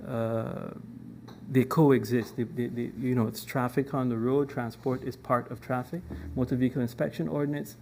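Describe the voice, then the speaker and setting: A man from a government department giving a formal presentation to a parliamentary committee, measured and full of ums and restarts. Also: medium pitch, a little mellow, slight background noise.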